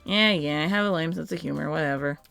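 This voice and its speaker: A woman co-hosts a let's-play, reading game dialogue and trading playful, giggly banter. Her voice sits very low with a gravelly fry, and faint music plays underneath. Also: fast talker, a bit bright.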